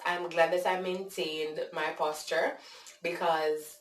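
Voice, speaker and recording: A Jamaican woman vlogger telling a casual, animated story, with frequent fillers. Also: sits low, slow pace, slight background noise. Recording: echoey room, distant mic.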